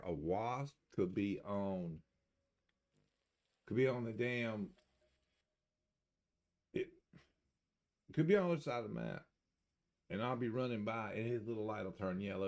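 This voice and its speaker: An older man with a lowish, darkish voice and vocal fry streams a video game, chatting casually in a rambling, folksy way and chuckling to himself. He mentions that he has an accent, and the talk is relaxed live-stream chatter.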